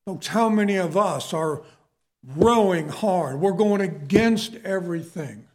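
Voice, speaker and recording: A preacher man with a fairly high voice delivers his sermon slowly and deliberately. He is earnest and emphatic, and he keeps turning to his listeners as "folks.".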